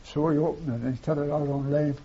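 Speaking fast in a fairly high, mellow voice with a breathy edge and flat delivery, an older man recalls his war days for an oral history. He rambles, circles back over the same phrases, and tags lines with "see." The tape sound is dull and lo-fi, carrying faint hiss.

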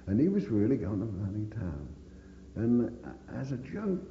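This older man's gravelly, mid-range voice swings widely in pitch as he tells his war story a little fast in an oral history interview. Blunt and swearing all the way through, he's recorded in a dull, echoey room with a slight hiss or hum.

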